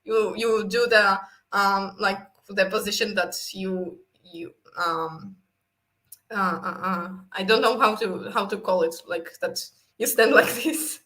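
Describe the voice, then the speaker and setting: A woman's voice: medium pitch, takes it slowly, bright, forceful tone. A woman co-hosting a debate chat, explaining carefully and searching for words.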